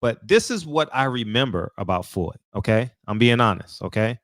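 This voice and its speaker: A man's voice: medium pitch, expressive, moderate pace, a bit bright, no echo, studio quality. A man hosting a livestream, talking frankly and thinking aloud in casual commentary. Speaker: livestream host.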